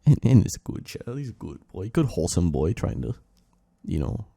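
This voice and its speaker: Lively rambling man chatting. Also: low-pitched, a little fast, gravelly, breathy edge. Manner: rambling, animated, laughs often. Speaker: podcast co-host. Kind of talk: casual chat while drawing.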